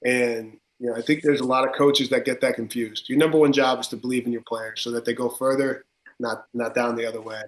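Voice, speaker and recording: A man's voice: medium pitch, brisk. A man from Connecticut with a tri-state accent, a football coach talking emphatically in a podcast interview, full of fillers. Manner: energetic, emphatic, many filler words. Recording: roomy echo.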